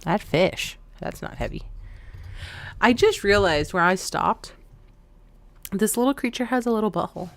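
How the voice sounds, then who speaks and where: A woman's voice: medium pitch, normal speed, long pauses, no echo. A woman streamer chatting casually with her viewers, joking and rambling between thoughts. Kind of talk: casual live-stream chat.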